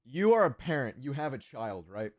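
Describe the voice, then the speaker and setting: A man's voice: medium pitch, big pitch swings, moderate pace, no echo. A man casually reading chat on his livestream, sardonic and crass, swearing freely.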